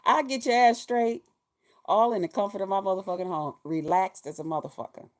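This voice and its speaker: A woman in her fifties talking casually in a vlog, animated and profane, laughing often. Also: medium pitch, fairly quick. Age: 50s. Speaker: vlogger.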